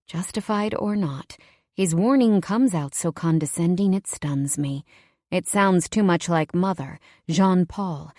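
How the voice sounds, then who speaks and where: Low-voiced woman narrating a romance. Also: slow pace, a little mellow, dry recording, studio quality. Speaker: audiobook narrator. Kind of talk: first-person romance narration.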